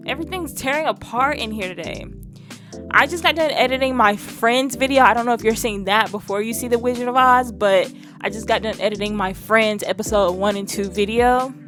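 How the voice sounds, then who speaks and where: Young woman, reaction vlog host: slangy, rambling, loose chat with a faint bit of music behind her. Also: on the high side. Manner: chatty and slangy, rambling with lots of "like".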